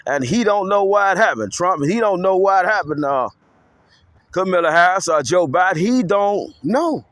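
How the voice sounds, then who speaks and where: High, lively rambling man. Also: moderate pace, no echo. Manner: animated, preachy, repetitive call-outs; speaks of himself in third person. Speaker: self-styled local activist vlogger. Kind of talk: rambling improvised monologue.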